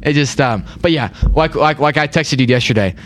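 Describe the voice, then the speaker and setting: A man's voice: on the high side, normal speed, slight background noise. A young man hosting a casual sports chat, rambling, repeating words and saying "like" a lot. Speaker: podcast host.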